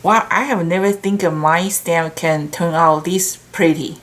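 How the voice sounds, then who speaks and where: A middle-aged woman hosts a stamp shop video, sharing card swap entries and gushing over the handmade cards as she chats casually and tells rambling stories. Her voice is fairly low and slow, with hardly any pauses.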